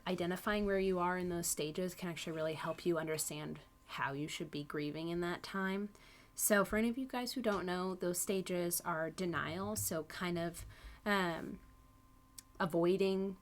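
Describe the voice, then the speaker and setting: Chatty woman with a lowish voice. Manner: chatty, thoughtful, with many ums and likes. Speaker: youth group speaker. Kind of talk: casual heartfelt talk to a youth group. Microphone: video call.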